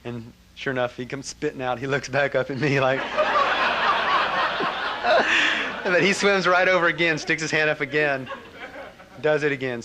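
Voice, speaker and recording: A man telling a personal story to an audience, animated, with frequent laughter and trailing fillers. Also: mid-range voice, slight background noise. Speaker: speaker recounting a memory. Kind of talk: personal anecdote to a live audience.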